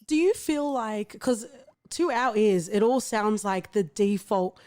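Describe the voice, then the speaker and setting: A woman's voice: medium pitch, lively intonation, unhurried, darkish tone, dry recording. A woman with an Australian accent hosting a podcast, chatting in a playful, teasing way. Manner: playful, teasing, laughs often. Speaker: podcast host. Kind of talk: casual podcast chat.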